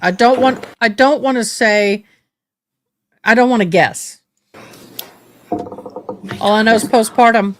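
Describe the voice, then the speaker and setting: A woman hosting a live stream, giving casual commentary in a halting way and repeating words when she is moved. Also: a little high, slight background noise.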